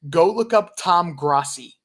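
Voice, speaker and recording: Earnest man, slightly high voice, full of fillers. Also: animated, unhurried, a bit bright. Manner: earnest, hesitant with many fillers. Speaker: livestream participant giving advice. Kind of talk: casual advice in conversation.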